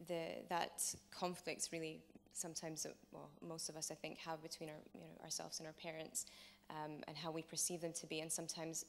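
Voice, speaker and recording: A woman presents her personal film project at a workshop. She speaks reflectively, with frequent "um" fillers, in a low, flat voice.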